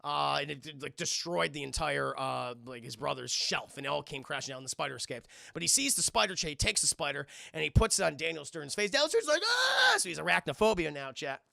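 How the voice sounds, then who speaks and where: Young man, livestream film recap, animated, profane, gravelly fry, forceful tone. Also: on the high side, quick pace, hardly any pauses, no echo, clean studio sound. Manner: animated, profane, acting out scenes in bursts of silly voices. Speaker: streamer reviewing a film. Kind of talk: casual chat to a livestream audience.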